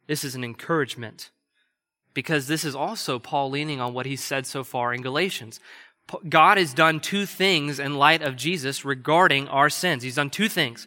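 A man preaching a sermon as pastor, earnestly, shifting between quick emphatic bursts and slow, hushed stretches. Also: on the high side. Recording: long hall reverb.

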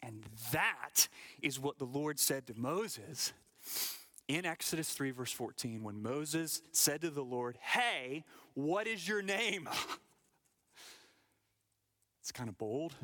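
A middle-aged man preaching from the pulpit with a bright, forceful tone and a measured, unhurried delivery. He leans hard into key phrases, then sinks into hushed whispers, and stumbles over repeated words as he builds. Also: mid-range voice. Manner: emphatic preaching, drops to hushed whispers for effect. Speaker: pastor. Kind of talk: sermon.

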